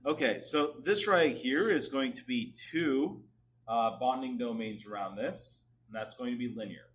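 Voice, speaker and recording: A male chemistry teacher lecturing a classroom at a medium pitch. He coaxes students with frequent check-ins, and his voice drifts nearer and farther from the microphone as he moves. Faint background noise sits under the recording. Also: measured pace, fairly bright tone. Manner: coaxing, asks the class to respond often.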